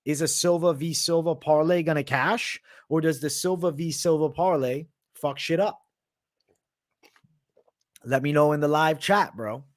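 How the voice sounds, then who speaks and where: A young man with a mixed Boston and New York sounding accent, hosting a live MMA betting show in a brash, profane, animated way, talking back to live viewers. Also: a little high, measured pace, no room sound, clean studio sound. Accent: mix of Boston, Canadian and Italian, often heard as New York. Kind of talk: live-stream commentary, casual and profane.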